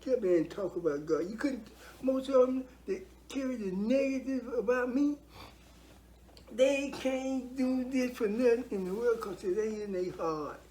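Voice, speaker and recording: Earnest older man giving testimony, mellow voice. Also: extremely high pitch, unhurried, a little hiss or hum. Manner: earnest, preachy, repeats himself for emphasis. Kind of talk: heartfelt spoken testimony.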